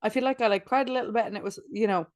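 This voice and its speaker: A woman's voice: medium pitch, rapid-fire, no echo, studio quality. A woman in her late twenties co-hosting a podcast from bed, chatting in a rambling way with lots of "like" and frequent laughs. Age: late 20s. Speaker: podcast co-host. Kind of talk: casual chat.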